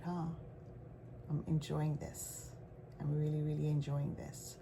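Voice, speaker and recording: A woman's voice: deep voice, flat delivery, unhurried, vocal fry, pauses often, background noise. A woman with a Caribbean accent chatting casually as she shows her stitching projects, rambling and trailing into asides. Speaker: stitching vlogger. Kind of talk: casual show-and-tell chat.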